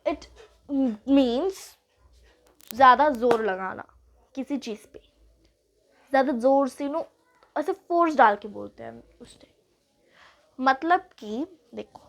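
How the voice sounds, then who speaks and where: Woman, Indian English accent, high voice, grammar teacher, patient repeating explanations, young adult. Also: slight background noise. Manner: explains slowly and repeats, slips into Hindi. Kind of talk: classroom grammar lesson.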